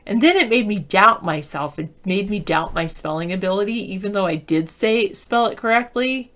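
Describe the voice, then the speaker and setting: This Southern U.S. woman has an animated, medium-pitched voice with a fairly bright tone and a moderate pace. She's a video chat participant talking casually, wandering through stories and spelling out words one letter at a time.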